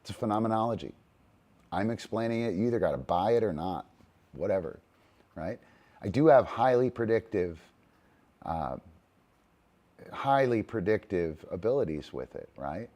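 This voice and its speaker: Middle-aged guy talking dog training, kinda low voice, rambly, keeps going "right?", drops the odd swear. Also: lively intonation, normal speed, long pauses, warm tone. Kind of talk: casual monologue.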